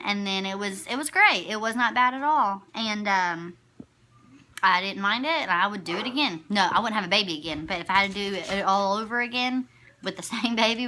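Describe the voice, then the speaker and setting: A young woman in her twenties chats to the camera about becoming a mother. Her voice is bright and clear, and her speech runs on loosely, full of restarts and self-corrections. A faint hum of the room sits behind her. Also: medium pitch. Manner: chatty, rambling, self-correcting. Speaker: new mother. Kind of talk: casual storytelling to camera.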